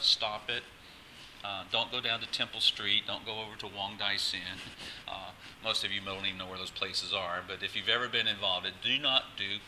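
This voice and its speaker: Bright-voiced male pastor preaching emphatically. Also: lowish voice, slight background noise, poor audio. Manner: emphatic and exhorting, with frequent restarts. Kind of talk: sermon.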